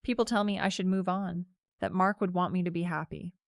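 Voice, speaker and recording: A woman tells a scripted first-person story in a steady, reflective voice. Her tone is low-pitched with a gravelly edge, and the sound is dry and close. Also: a little fast, dry recording. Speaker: narrator.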